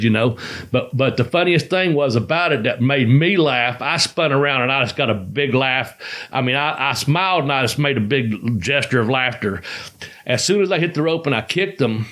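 A man's voice: mid-range voice, fairly bright tone. A man in casual conversation, telling rambling, profane stories and laughing as he goes. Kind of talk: casual storytelling chat.

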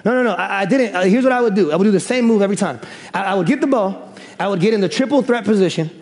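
A young man from the Chicago area preaching, telling stories in a joking, animated way with loud exclaims. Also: high-pitched, rapid-fire. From Chicago area, USA. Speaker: pastor. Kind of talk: sermon with storytelling. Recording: reverberant hall.

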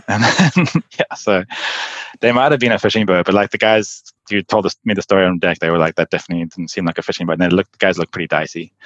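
A man's voice: low voice, a bit bright, no echo, highs cut off. A man guest telling adventure stories in a casual interview, rambling with lots of "like" and laughing often. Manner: fast, laughing, rambling with many "like"s. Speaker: endurance athlete guest.

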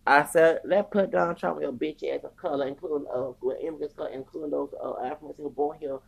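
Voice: medium pitch, fairly even intonation, fast talker, vocal fry, slightly rough. A podcast host, ranting heatedly, cursing often, stumbling over restarts and tossing in "okay?" again and again. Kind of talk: heated profane rant.

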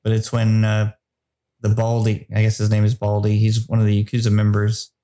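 A man hosting a casual movie review podcast, leading segments in a relaxed, steady way. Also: lowish voice, brisk. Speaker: podcast host.

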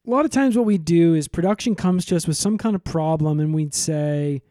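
A man co-hosting a comedy podcast, recapping in a rambling, deadpan way with lots of fillers. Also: fairly high pitch, a little fast, no echo, clean studio sound.

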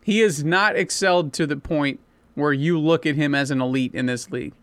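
A man's voice: fairly high pitch, brisk, fairly bright tone, no echo. A man co-hosting a sports talk show, making blunt, insistent points with casual swearing. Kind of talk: sports radio debate.

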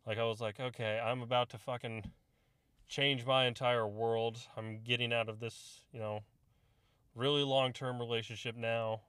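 Young male podcast co-host, mid-pitched, casual and profane storyteller, dry close mic. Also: level tone, normal speed, a bit bright, clear, resonant tone, no echo. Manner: profane, storytelling, acts out quoted voices. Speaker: podcast co-host, army veteran. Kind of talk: casual chat.

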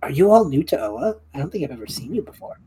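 A woman voicing a polite, gently formal winged man who keeps a small pet dragon. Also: sits low, very animated, quick pace, slightly rough, exaggerated voice. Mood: courteous.

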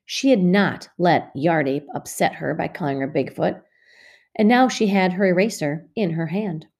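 A woman teacher reading a storybook aloud to a class of second graders, with clear, expressive pacing. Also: lowish voice, moderate pace.

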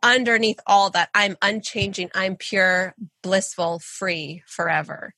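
Bright, earnest spiritual woman. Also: medium pitch, steady tone, a little slow, dry recording. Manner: earnest, encouraging, reflective. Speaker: podcast guest, intuitive. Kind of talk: casual spiritual conversation.

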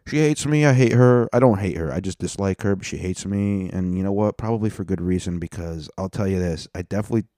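A man's voice: low-pitched, steady tone, fast talker, hardly any pauses, warm tone, no room sound, studio quality. A man talking casually and profanely to his listeners, rambling and interrupting himself as he tells a story about comedy open mics. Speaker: stand-up comedian and podcast host. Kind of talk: casual solo rant.

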